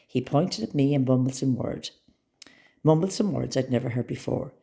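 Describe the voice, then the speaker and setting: A woman reading a children's story aloud with expressive, dramatic storytelling. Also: extremely low pitch, normal speed, creaky.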